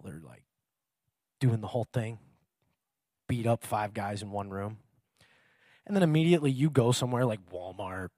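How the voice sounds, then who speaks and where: A man's voice: sits high, dry recording, clean studio sound. A man preaching a casual sermon in a chatty, self-mocking way, laughing often.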